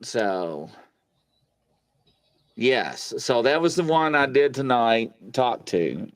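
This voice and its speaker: A man hosting a paranormal show from his home studio, telling stories in a rambling, animated way full of fillers. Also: medium pitch, slow pace, no room sound. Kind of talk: casual live-stream chat.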